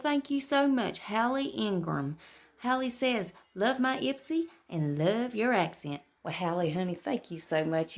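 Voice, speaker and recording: A woman's voice: on the low side, gravelly, a little mellow. A woman chatting folksily in a beauty vlog voice-over, calling her viewers honey and girl and swearing mildly. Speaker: beauty vlogger.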